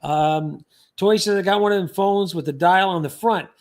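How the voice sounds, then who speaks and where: A man's voice: high voice, normal speed. A man hosting a casual livestream, rambling and joking as he reads out viewer comments and thanks people by name.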